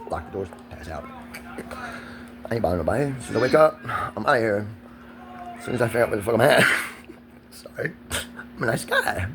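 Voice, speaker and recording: A man's voice: on the low side, creaky, background noise. A man, ranting in a profane, agitated and rambling vlog monologue recorded outdoors. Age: 40s.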